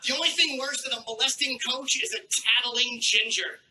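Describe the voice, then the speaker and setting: A man doing a crude, sardonic stand-up set on a stage with a handheld mic, clearing a troubled throat now and then. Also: very high-pitched, fairly quick, hardly any pauses, pushed and bright, slight background noise, poor audio. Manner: crude, brash and sardonic, with acted-out asides. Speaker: stand-up comedian. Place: comedy club stage.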